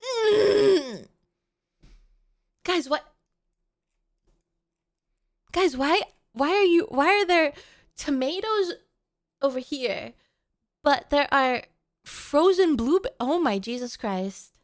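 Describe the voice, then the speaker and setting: A woman's voice: high-pitched, animated, extremely slow, pauses often. A woman streamer chatting casually with her live chat, playful and melodramatic, often pleading with viewers.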